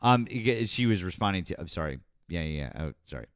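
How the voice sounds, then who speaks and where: A man's voice: low-pitched, lively intonation, fairly quick, no room sound, clean studio sound. A man hosting a political livestream, talking in a flustered, apologetic way. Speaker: livestream host. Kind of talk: casual live-stream chat.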